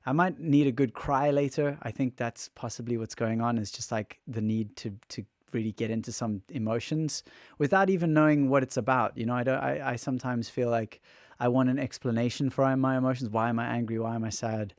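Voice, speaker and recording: A man's voice: mid-range voice, steady tone, fairly quick, dry recording, studio quality. Tired man with a raw throat. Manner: open, rambling, emotional, often restarting. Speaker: livestreamer and musician. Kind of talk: casual livestream chat.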